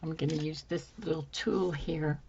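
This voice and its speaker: A woman hosting a craft tutorial, musing softly to herself as she works, her voice a little hoarse. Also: low-pitched, fairly even intonation, moderate pace, dull audio, slight background noise. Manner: soft-spoken, musing aloud while working. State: slightly hoarse, losing her voice. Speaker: craft channel host. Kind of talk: casual craft tutorial chat.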